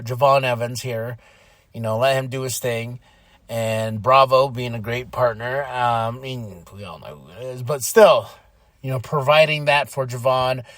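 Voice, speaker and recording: A man hosting a podcast, recapping wrestling in a casual, excitable monologue and quoting people in quick voices. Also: medium pitch, no room sound.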